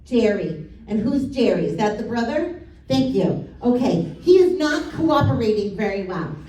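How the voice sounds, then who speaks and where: A woman's voice: fairly high pitch, big pitch swings, moderate pace, mellow, a little hiss or hum. A woman psychic medium giving a live reading in a casual, blunt way, swearing and laughing. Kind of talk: live spirit-message reading. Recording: echoey room from a distance.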